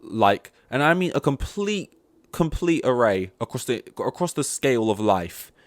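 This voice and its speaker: A man's voice: mid-range voice, very animated, measured pace, dry recording. A young man hosting a solo podcast, ranting in a rambling, exasperated way and swearing often. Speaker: podcast host.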